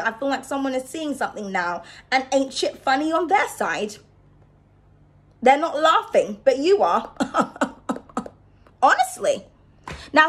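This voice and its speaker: A woman's voice: on the high side, a bit bright. A woman giving a casual card reading to her viewers, chatty and reassuring, often checking in with "okay?". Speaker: tarot card reader.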